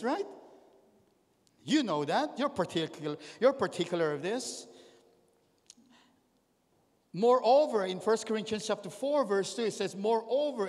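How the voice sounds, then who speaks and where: A man preaches a sermon in a high, lively voice that leaps up and drops low. He keeps calling questions out to the congregation. The long reverb of a church hall trails after his words. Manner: animated, calls out to the congregation with questions. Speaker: pastor.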